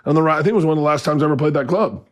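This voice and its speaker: A man in his fifties hosting a podcast, telling a funny story in a casual, animated way, often laughing and acting out other people's lines. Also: very fast. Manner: animated storyteller, acts out quotes with big pitch jumps, laughs often. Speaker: podcast host.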